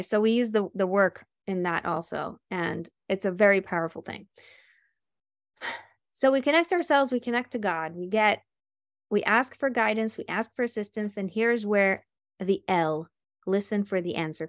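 A woman's voice: mid-range voice, moderate pace, no echo, studio quality. A woman coach giving a faith-based talk in a chatty storytelling manner, acting out the people she quotes. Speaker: life and business coach.

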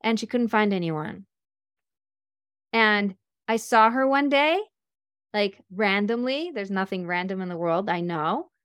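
A woman's voice: mid-range voice, animated, unhurried, long pauses, fairly bright tone, clear, resonant tone, no echo, studio quality. A woman coach giving a faith-based talk in a chatty storytelling manner, acting out the people she quotes. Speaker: life and business coach.

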